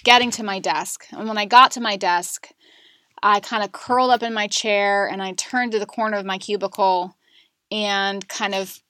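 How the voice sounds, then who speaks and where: A woman in her thirties, a podcast guest, telling a painful personal story candidly, with many fillers and pauses. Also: mid-range voice, fairly even intonation, fairly bright tone, no room sound. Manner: candid, emotional, frequent fillers. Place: Charlotte area.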